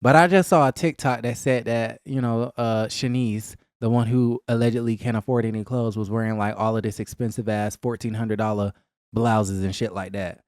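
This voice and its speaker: A man chatting casually about a reality show, gossipy and animated, with a close mic. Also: moderate pace, dry recording. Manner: gossipy and animated, acting out cast members in a higher voice. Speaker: reality TV recap vlogger. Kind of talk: casual chat.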